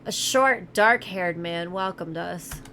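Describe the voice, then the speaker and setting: A woman's voice: fairly low pitch, slow, bright, forceful tone, slight background noise. A woman reading a visual novel aloud on a stream, with casual, self-mocking asides. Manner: casual, laughs at herself, asides. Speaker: narrator reading a game aloud.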